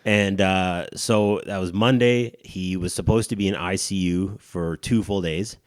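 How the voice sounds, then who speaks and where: Man, 30s, podcast co-host, very low voice, rambling crude storyteller, dry close sound. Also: steady tone, a little slow, dry recording. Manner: rambling, self-mocking storyteller with crude humor. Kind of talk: casual storytelling chat.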